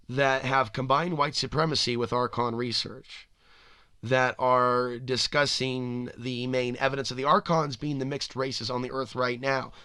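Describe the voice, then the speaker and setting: A man's voice: medium pitch, bright, forceful tone, no echo. Rambling male podcast host, dry sound. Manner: rambling, speculative, full of "you know" and restarts. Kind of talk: spoken monologue.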